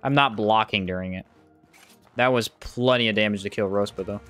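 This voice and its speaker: During a casual live stream, a man talks with viewers, reads their chat aloud, and responds to what's happening in the game, his pitch climbing when surprised. He speaks at a normal speed in a fairly bright tone, with faint music in the background.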